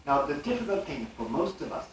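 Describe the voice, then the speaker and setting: Older male lecturer, animated and rhetorical; distant room mic, heavy echo, faint hiss. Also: fairly high pitch, fairly quick. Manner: animated, rhetorical, chuckling asides. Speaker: speaker. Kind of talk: live religious lecture. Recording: old live tape, distant and echoey.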